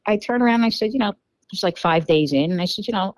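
A woman with a New York accent telling a dating story in a casual podcast interview, animated and full of fillers, acting out quoted dialogue. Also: medium pitch, fast, no echo, low-quality recording. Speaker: podcast guest.

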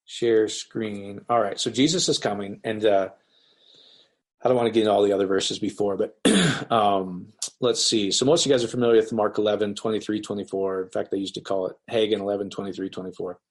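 A man's voice: on the low side, a little fast. A man teaching the Bible in a casual online session, talking loosely and acting out the quoted voices of others as he reads. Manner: animated, acts out quoted voices. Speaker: pastor.

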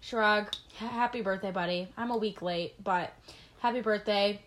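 A woman's voice: mid-range voice, normal speed, slight background noise. A teenage girl hosting her own casual podcast, a little out of breath and eating, rambling and tripping over her words as she talks. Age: teens. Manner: rambling, self-interrupting, stumbles over words; eating while talking. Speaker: podcast host. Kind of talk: casual solo podcast chat.

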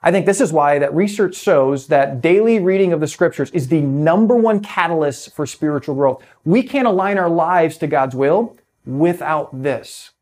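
A man preaching a sermon as pastor, earnest, slowing down to stress key phrases and dropping to a hush on closing words. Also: on the high side, animated.

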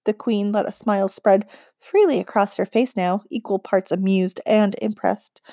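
Woman reading a kids fantasy book aloud, measured storytelling, dry close mic. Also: mid-range voice, steady tone, creaky, warm tone, no room sound. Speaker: audiobook narrator. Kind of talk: scripted narration.

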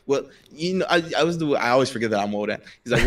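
Lively man narrating as game master. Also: medium pitch, rapid-fire, few pauses. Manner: casual, filler-heavy narration.

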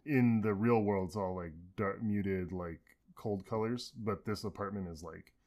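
A man co-hosting a podcast in casual chat, pushing back calmly in a debate. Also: fairly low pitch, measured pace. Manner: laid-back, pushes back in debate. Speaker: podcast co-host.

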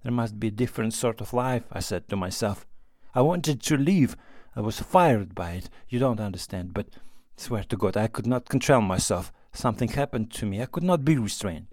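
A man's voice: lowish voice, animated, normal speed, a little mellow, no room sound, clean studio sound. A man reading the part of a young, unhappy married woman in an audiobook, with a pleading, self-reproaching delivery. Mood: remorseful.

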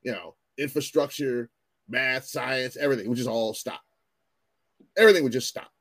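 A man ranting in casual commentary, animated and profane, often repeating himself as he restarts his sentences. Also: medium pitch, normal speed, dry recording.

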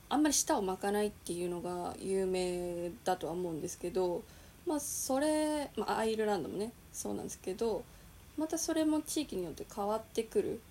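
A woman with a Japanese accent hosts a casual chat, talking quickly. Her mid-pitched voice has a gravelly edge, with faint noise behind it. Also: mellow. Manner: quick, chatty, responsive with short backchannels. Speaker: host. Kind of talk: bilingual casual podcast.

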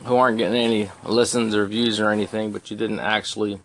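A man's voice: fairly low pitch, little pitch movement, fast, a bit bright, slight background noise. A man in casual chat with a dry, teasing manner.

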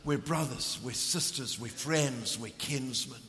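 Passionate preacher in a big hall. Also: male voice, medium pitch, measured pace. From South Africa. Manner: passionate, swings from ringing emphasis to hushed intensity. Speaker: visiting preacher. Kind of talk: sermon with storytelling. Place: church hall. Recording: long reverb of a large hall.

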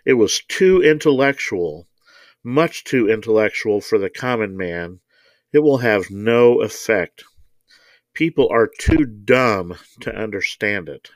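A man's voice: on the low side, animated, slow pace, dry recording. A man voicing a condescending male scientist in an audiobook reading. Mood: scornful. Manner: dismissive, condescending. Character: smug scornful male scientist.

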